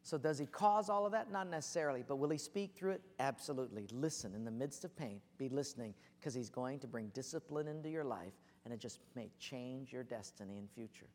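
A man preaching a sermon with passion, building to near shouts as he tells stories. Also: mid-range voice, a little fast, hardly any pauses, big-room sound. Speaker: pastor.

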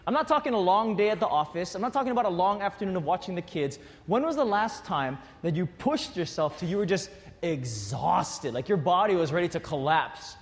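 A man preaching a sermon to his congregation, shifting from quiet, earnest appeals to animated storytelling. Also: high voice, brisk. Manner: animated storytelling with acted quotes. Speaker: pastor. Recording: long hall reverb.

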